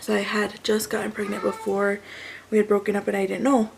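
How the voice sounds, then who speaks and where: A woman's voice: medium pitch, completely flat delivery, fairly quick, creaky, slight background noise, low-quality recording. A woman in her thirties, a mother and vlogger, casually telling a personal story and correcting herself as she goes. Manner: chatty, self-correcting, rambling with fillers.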